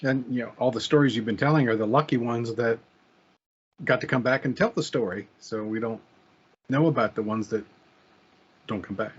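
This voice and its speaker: A man co-hosting a paranormal podcast, making a measured, reflective remark. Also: medium pitch, slightly rough. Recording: dull lo-fi sound.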